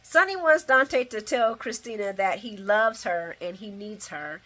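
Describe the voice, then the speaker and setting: Animated woman giving a lively soap recap. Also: mid-range voice, unhurried. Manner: animated, laughing, acts out characters' lines in quotes; uses casual slang and swearing. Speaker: soap opera recap host. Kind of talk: casual recap vlog.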